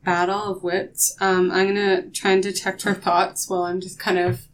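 A woman playing a tabletop game, talking hesitantly with many pauses. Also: medium pitch, level tone, distant mic, a little hiss or hum. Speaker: player.

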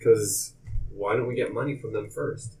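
A man's voice: lowish voice, fairly even intonation, moderate pace, warm tone, distant mic, low-quality recording. A man playing a tabletop game, dry and insistent. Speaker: player.

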